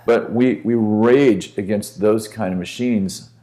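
Guy with a deep dark voice, minister guest on a podcast, earnest impassioned storytelling. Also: takes it slowly.

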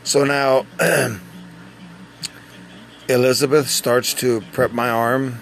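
A man telling a personal story in a casual, conversational way, pausing and restarting as he goes. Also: mid-range voice, level tone, vocal fry, a little hiss or hum. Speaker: dialysis patient.

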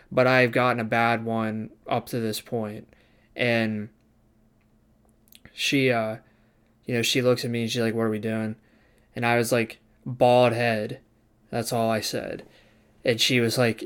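A young man tells a story casually from his days as a barber student, acting out the people he quotes and swearing freely. His voice is smooth and clear, sitting at an everyday middle pitch. He talks in a relaxed way, like chatting to a camera.

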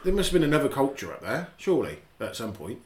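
A man's voice: mid-range voice, very animated, quick pace. An English man co-hosting a casual podcast, who keeps asking questions and arguing over the details. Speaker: podcast co-host. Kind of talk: casual chat. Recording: roomy echo.

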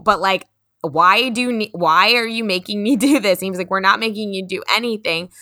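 A woman's voice: medium pitch, fast talker, sharp tone, dry recording, clean studio sound. A woman podcast co-host in candid casual chat, animatedly retelling a tense conversation, quoting people, swearing and laughing often.

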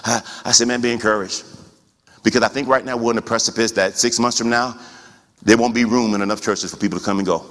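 A man preaching a sermon as pastor, talking conversationally with rhetorical questions and rising to shouts. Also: fairly low pitch, steady tone, quick pace, big-room sound.

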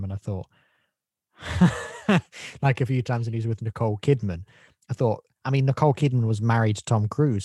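Low-voiced man, rambling co-host. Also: dry recording, studio quality. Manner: rambling, loud bursts of laughter and mock impressions. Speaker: podcast co-host. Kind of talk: casual film-review chat.

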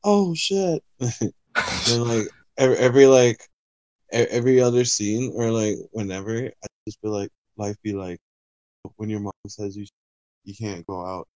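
A man's voice: fairly low pitch, normal speed, no echo, lo-fi sound. A young man who is a podcast guest, telling stories with plenty of laughter and fillers. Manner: laughs a lot, animated storytelling, filler-heavy. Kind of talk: casual podcast chat.

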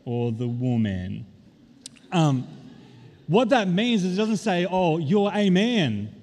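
A man preaching a sermon as pastor, stressing key words and drawing them out slowly. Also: a little high, warm tone. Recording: long reverb of a large hall.

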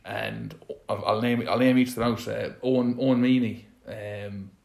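A man's voice: lowish voice, fairly even intonation, normal speed, vocal fry, a little mellow. An Irish man hosting a casual podcast chat, rambling with lots of restarts and fillers. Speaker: podcast host. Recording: echoey room.

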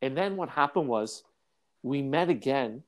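A man in casual podcast chat, a salesperson telling jokey stories with an animated delivery. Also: unhurried. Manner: animated joking storyteller, swings pitch widely.

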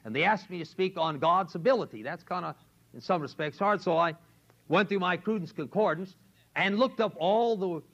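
Older man, preacher, emphatic sermon, raised pitch, dull 1970s tape recording. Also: normal speed, a bit bright. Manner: emphatic, repetitive, asks the audience "see?". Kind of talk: sermon to a men's class. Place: college classroom.

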